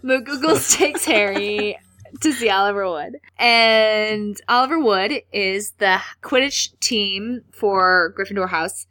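Bright-voiced young woman recapping a story. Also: medium pitch, slow pace. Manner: animated storytelling, puts on character voices. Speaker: podcast co-host recapping a book. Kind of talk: casual chat.

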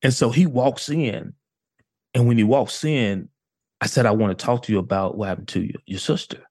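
A man's voice: medium pitch, normal speed, dry recording, clean studio sound. A man, a detective, telling a case story in a casual way and acting out what people said. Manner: animated retelling with quoted dialogue. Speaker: detective guest.

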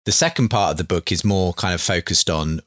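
A man's voice: sits low, fairly quick, fairly bright tone, no room sound, studio quality. A man who hosts a faith debate show, telling an anecdote earnestly in a hedging, conversational way with many fillers.

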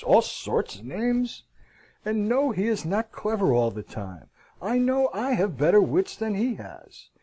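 A man's voice: high voice, warm tone, heavily acted, low-quality recording. A man voicing a proud, impulsive young girl who scolds herself in passionate, self-mocking outbursts, in an audiobook reading. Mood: self-scorning.

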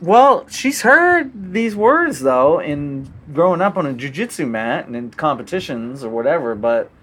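A man hosting a casual podcast, a relaxed storyteller who acts out the quotes, recorded outdoors in a park. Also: fairly high pitch, unhurried. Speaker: podcast host.

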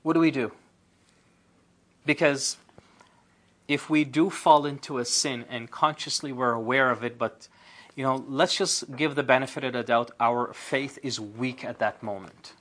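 A man giving a conversational Quran class, lively and chatty, asking rhetorical questions with casual asides. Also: medium pitch, measured pace. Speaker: Islamic teacher. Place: indoor class.

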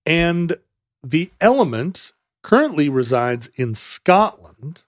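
Halting, playful podcast co-host man. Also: fairly high pitch, very animated, no room sound, clean studio sound. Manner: halting, searching for words, playful. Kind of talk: casual chat with ad read.

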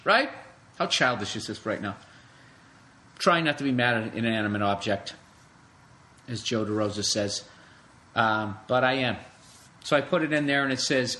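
Man, podcast host, solo comedic rant, sarcastic, profane, sharp bright tone. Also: mid-range voice, expressive, moderate pace, long pauses.

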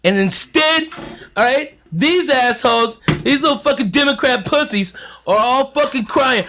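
A man on a casual podcast rants loudly, mocking and swearing as he goes. His voice sits very high for a man. It is bright and sharp-edged. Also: expressive, moderate pace. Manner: loud, profane, mocking.

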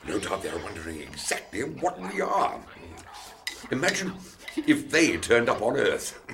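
An eccentric, wildly enthusiastic scientist, his gravelly voice leaping high and low as he muses about what he has found, as a man performs him. There is steady noise under the track of this radio play. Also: moderate pace. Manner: enthusiastic, musing, talks to aliens in simple words. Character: eccentric, excitable male scientist explorer.

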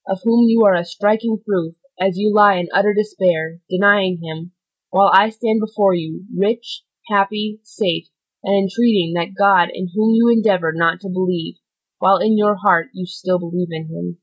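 A woman reading an audiobook, voicing a calm, solemn avenging nobleman who speaks in a measured, grave way. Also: mid-range voice, close to an everyday voice. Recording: dull lo-fi recording.

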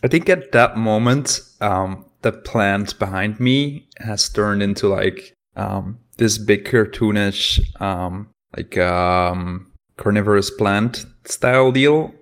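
A man's voice: on the low side, slow pace, hardly any pauses. A man playing a tabletop role-playing game who describes scenes hesitantly, with lots of fillers. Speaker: player.

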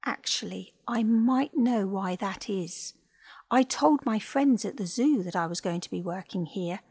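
A woman voicing a shy, eager spider monkey who helps a vet, in a storybook reading, speaking softly and modestly. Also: mid-range voice, a little slow, husky. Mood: earnest.

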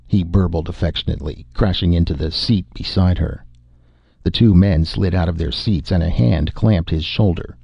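Deep gravelly male narrator. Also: dry recording. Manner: steady, measured storytelling. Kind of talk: audiobook narration. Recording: dull lo-fi dry recording.

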